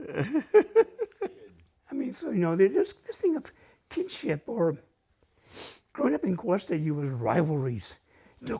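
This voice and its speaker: Husky man with a northern New Mexico accent. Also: sits high. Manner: animated and humorous, mixing Spanish phrases. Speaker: storyteller at a community open mic. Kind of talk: casual personal storytelling.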